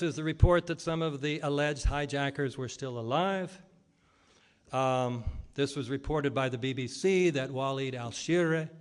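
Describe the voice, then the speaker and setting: A man's voice: medium pitch, clean tone. Man, public lecture, argumentative, rhetorical questions, frequent fillers, mid-range voice.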